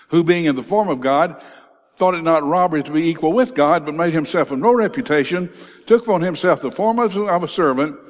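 Emphatic male preacher in a reverberant hall. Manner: emphatic, rising on quoted scripture and dropping low on key words. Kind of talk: sermon.

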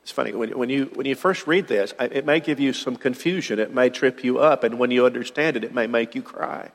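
A man's voice: medium pitch, fairly quick, creaky, big-room sound. A man preaching a sermon, earnest and given to repeating words as he builds a point.

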